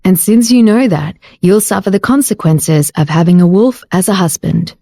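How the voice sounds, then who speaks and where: Woman voicing a confident teasing husband, lower voice, patient, mellow, dry. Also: moderate pace, gravelly, no echo. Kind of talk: audiobook character voice.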